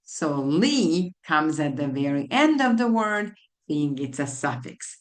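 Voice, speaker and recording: A woman tutor teaching a phonics lesson to children, spelling out letters and repeating each word slowly. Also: low-pitched, big pitch swings. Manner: slow, deliberate, spelling out letters and repeating words. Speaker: literacy tutor.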